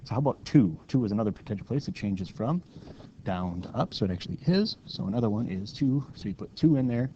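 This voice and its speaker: A man's voice: on the low side, lively intonation, fast, dark tone, dull audio, a little hiss or hum. A man teaching calculus in a casual, step-by-step lecture, stopping now and then to correct his own slips. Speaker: math teacher.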